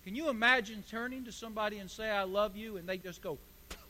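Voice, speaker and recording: A high-voiced, bright-toned male pastor delivers a sermon, swinging from quiet asides to loud emphatic bursts. His voice rings out with a long echo in a large hall. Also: fast. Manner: preaching with rising emphatic bursts. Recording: echoey hall.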